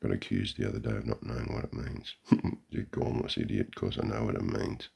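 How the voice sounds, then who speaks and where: Gravelly, deep-voiced Australian man mocking golfers. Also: flat delivery, fairly quick, mellow. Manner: sarcastic, mocking, profane. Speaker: vlogger. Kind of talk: live running commentary. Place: outdoors beside a golf green.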